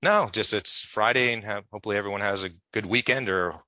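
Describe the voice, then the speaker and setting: A fast-talking man with a fairly low pitch and a bright, forceful tone is heard without echo. Appearing as an interview guest, he tells long, chatty, wandering stories and brings the people he quotes to life with their voices.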